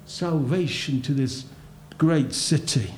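High-voiced preacher in an echoey hall. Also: male voice, takes it slowly, a little hiss or hum. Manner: emphatic, rhetorical questions, swings between loud and hushed. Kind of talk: sermon. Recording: roomy echo.

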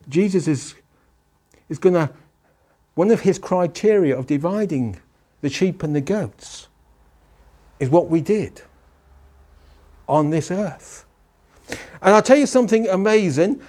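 A male pastor preaching a sermon, asking rhetorical questions and pausing for emphasis. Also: high voice, darkish tone.

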